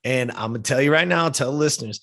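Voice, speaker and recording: A man's voice: mid-range voice, quick pace, vocal fry, pushed and bright. Heartfelt fifty-year-old man telling a story. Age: 50s. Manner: heartfelt, casual, checks in with "right?" and "you know?". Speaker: podcast guest. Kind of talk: personal storytelling in a podcast interview.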